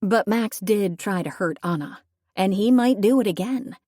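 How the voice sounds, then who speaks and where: A woman's voice: medium pitch, normal speed, mellow, no echo, studio quality. A young woman reading a first-person audiobook, telling the story in a wry, conversational way. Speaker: audiobook narrator.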